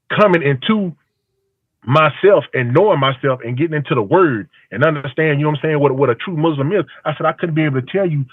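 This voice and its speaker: Heard through a dry, tinny phone call, a barber with a slightly high and somewhat rough voice offers testimony. He's emphatic, telling stories built around quoted lines from his own conversations.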